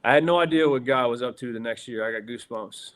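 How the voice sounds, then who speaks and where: A middle-aged guest actor with a Southern accent tells stories in a casual interview. He's excitable and a fast talker with a medium pitch, laughing often and saying "dude" a lot.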